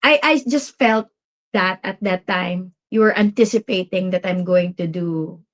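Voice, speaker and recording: A woman's voice: lowish voice, unhurried. A woman from the Philippines with a Filipino accent, co-hosting a live Q&A stream and speaking thoughtfully, sometimes searching for words. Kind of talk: casual live-stream chat. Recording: dull lo-fi stream audio.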